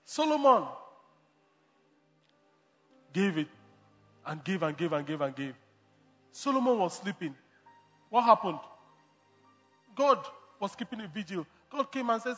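A man's voice: high-pitched, sing-song, normal speed, pauses often, bright, forceful tone, in a large hall, soft background music. A man preaching a sermon as pastor, emphatic, repeating and restarting phrases.

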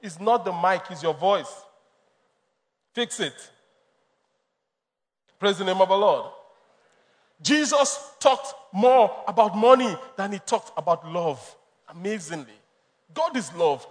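A pastor preaching with emphatic, story-driven delivery. His voice sits high for a man. A long reverb from the big hall trails his words. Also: expressive, slow pace, long pauses. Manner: emphatic, storytelling, laughs often. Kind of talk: sermon.

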